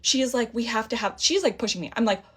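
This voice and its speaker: A woman's voice: fairly high pitch, fast talker, fairly bright tone, breathy edge. A young woman telling a story in a casual vlog, heated and indignant, acting out a back-and-forth conversation. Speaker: vlogger.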